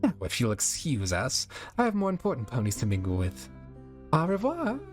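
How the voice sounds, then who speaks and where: A man's voice: medium pitch, wildly swooping pitch, normal speed, soft background music, voice pushed up. A man voicing a refined female fashion-designer pony, affected and fond of saying darling. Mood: haughty. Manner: uppity, affected, calls everyone darling.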